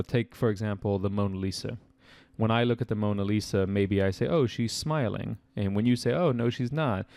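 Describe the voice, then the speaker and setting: A young man explaining vocabulary answers as a test-prep tutor, chatty and casual with quick asides. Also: lowish voice, darkish tone, dry recording.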